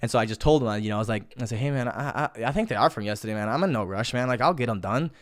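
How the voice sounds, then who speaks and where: Fast rambling young man. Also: mid-range voice, dry recording, studio quality. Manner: rambling, swearing, repeats words and restarts. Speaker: podcast host. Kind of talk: casual solo podcast monologue. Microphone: studio mic.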